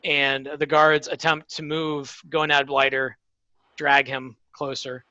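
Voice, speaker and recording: Guy running a tabletop game, lots of ums, bright tense voice, dry dull mic. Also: medium pitch, flat delivery, no room sound. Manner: halting, many fillers. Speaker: game master.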